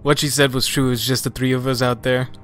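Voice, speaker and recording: A man playing a tabletop game character, excitable and given to loud bursts. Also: medium pitch, brisk. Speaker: player. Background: faint music.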